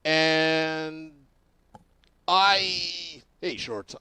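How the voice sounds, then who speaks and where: A man's voice: on the high side, fairly even intonation, extremely slow, sharp tone, clear, resonant tone. A young man hosting a podcast in casual chat, telling stories animatedly with laughs and restarts. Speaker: podcast host.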